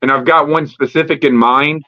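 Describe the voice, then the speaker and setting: A man's voice: a little high, steady tone, sharp tone. Profane, rambling man on a lo-fi stream. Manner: profane, rambling, acts out promos in quick asides. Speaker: wrestling talk stream host. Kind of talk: casual ranting commentary. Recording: lo-fi streamed audio.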